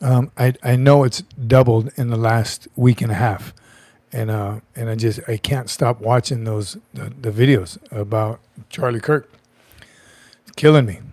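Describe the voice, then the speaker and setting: A man's voice: medium pitch, fairly even intonation, a little slow, darkish tone, dry recording. A middle-aged man hosting a casual livestream, chatty, joking and greeting viewers by name. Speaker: livestream host.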